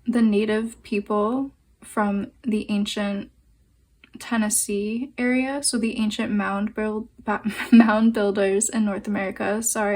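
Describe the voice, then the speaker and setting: A young adult woman giving a pick-a-card tarot reading, speaking gently and meandering with fillers and pauses. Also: mid-range voice. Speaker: tarot and oracle card reader.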